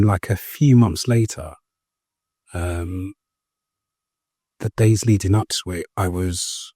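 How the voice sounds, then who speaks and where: A young man with a deep, slightly husky voice tells his story as an interview guest. He speaks earnestly, step by step, padding his sentences with ums and starting over. The sound is close and dry. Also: a little mellow, dry recording. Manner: hesitant, full of ums and restarts. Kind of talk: personal story in a conversational interview.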